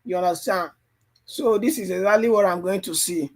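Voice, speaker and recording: A high-pitched man speaking at normal speed hosts a live trading stream, analyzing charts and coaching as he goes. His voice is strained and fatigued, and he keeps repeating phrases and checking "you understand?"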